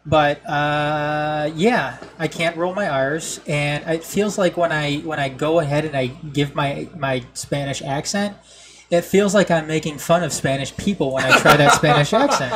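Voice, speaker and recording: Nasally midwestern dude hosting a sports show, easygoing, pokes fun at himself, bit of hiss in the background. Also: male voice, a little high, measured pace, fairly bright tone. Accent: Midwestern American. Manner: laid-back, self-mocking, reads headlines. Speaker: sports podcast host. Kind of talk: casual sports talk.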